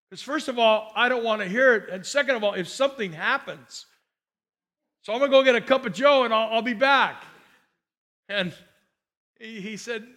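A man preaching as a pastor, telling a story with conversational asides and swinging from loud, impassioned lines to hushed ones. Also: sits high, normal speed, pauses often. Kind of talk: sermon.

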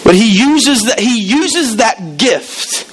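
A man's voice: extremely high pitch, slow pace, a little hiss or hum, low-quality recording. A man preaching a sermon in a church, telling stories and acting out the people in them. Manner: animated storytelling with acted quotes.

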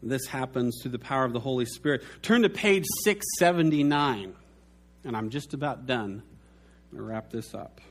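A man's voice: mid-range voice, expressive, normal speed. A man preaching a sermon, telling anecdotes and acting out the voices in his stories. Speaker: pastor.

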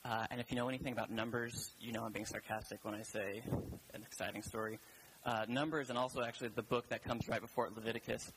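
A man's voice: medium pitch, steady tone, fast talker, few pauses, background noise. A man preaching a sermon in a church, casual and rambling, with many fillers and restarts.

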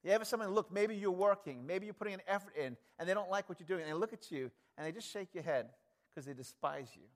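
A male preacher delivering a sermon in an emphatic, conversational way, swinging between loud passion and hushed tones. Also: high-pitched, animated, fast talker.

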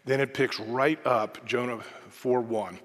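A man's voice: medium pitch, fairly even intonation, measured pace. Man preaching in a reverberant hall. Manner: conversational preaching with shifts between soft asides and emphatic quotes. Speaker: pastor. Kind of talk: sermon.

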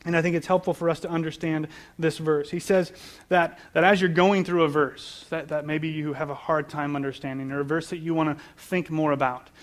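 Man, pastor preaching, slightly high voice, earnest, repeats words mid-sentence. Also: steady tone, fairly quick. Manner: earnest, repeats words while building points. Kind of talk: sermon.

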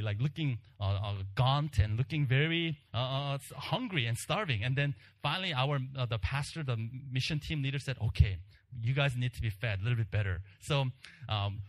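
A man preaching a sermon, telling a personal story in an animated way and acting out the crowd's shouts, then dropping to a hushed voice for emphasis. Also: medium pitch.

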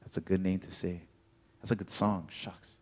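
Male pastor, lowish voice, casual rambling preaching, echoing hall. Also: fairly even intonation, moderate pace, a little mellow. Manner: laid-back, chatty, full of "like". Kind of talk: casual sermon. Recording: reverberant hall.

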